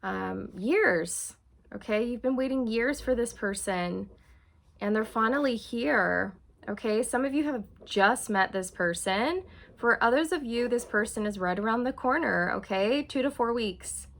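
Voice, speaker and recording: A woman's voice: a little high, measured pace, vocal fry. A woman giving a channeled tarot reading to her viewers, earnest and reassuring, often checking in with "okay" and "you guys". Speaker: tarot reader.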